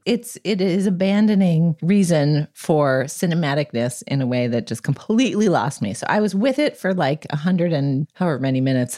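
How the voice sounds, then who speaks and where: Woman w a really low mellow voice, sarcastic podcast panelist riffing. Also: moderate pace, few pauses. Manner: animated, sarcastic, mimics voices when quoting. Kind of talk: casual panel discussion.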